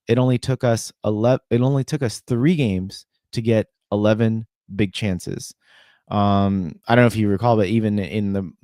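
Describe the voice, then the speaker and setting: A man with a fairly low voice co-hosting a casual sports podcast. He works methodically through figures, padding his sentences with ums and you-knows. The sound is dry and close to the mic. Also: a little mellow, no echo. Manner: analytical, running through stats with fillers. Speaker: podcast co-host.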